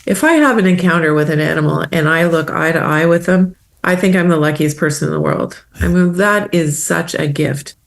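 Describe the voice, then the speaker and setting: A woman from Canada, a wildlife photographer, talking as a guest in a casual interview, animated and emotional, laughing often. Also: deep voice, a little fast, gravelly, few pauses.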